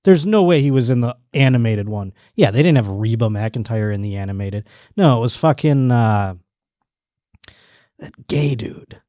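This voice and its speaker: A man's voice: medium pitch, animated, moderate pace, warm tone, no room sound, studio quality. A man hosting a podcast in casual chat, profane, joking and rambling. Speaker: podcast host.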